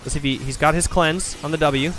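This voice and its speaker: A man commentating a video game match, breaking plays down quickly and thinking aloud. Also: a little high, fairly even intonation, fairly bright tone. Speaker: esports caster. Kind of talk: play-by-play and analysis commentary.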